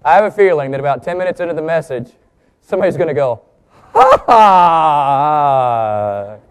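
Here a man gives a sermon laced with humor, teasing the congregation in a lively way. He stresses key words and drops his pace as he teaches, using big pitch shifts for emphasis.

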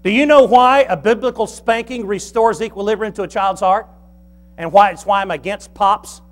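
Man, pastor, high-pitched voice, folksy, animated sermon. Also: moderate pace. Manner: animated, folksy, swings between soft and loud.

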